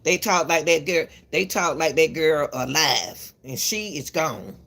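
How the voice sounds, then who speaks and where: A woman's voice: deep voice, animated, measured pace, creaky, a bit bright. A woman giving casual commentary to the camera, emphatic and repetitive, lecturing parents and calling viewers "baby", often stumbling and restarting her words. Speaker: commentary channel host.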